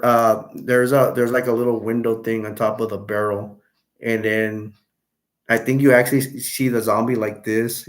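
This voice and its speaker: A man hosting a casual livestream, retelling a film in a rambling, halting way full of fillers and restarts, and reading viewer comments aloud. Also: mid-range voice. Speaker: livestream host.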